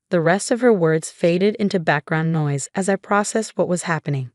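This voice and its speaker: Low-voiced woman narrating a story. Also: normal speed, hardly any pauses, no echo, clean studio sound. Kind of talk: first-person story narration.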